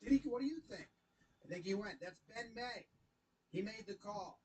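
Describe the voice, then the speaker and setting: A woman giving casual commentary on a video clip, animated and swearing, often slipping into voices. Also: mid-range voice, normal speed, low-quality recording.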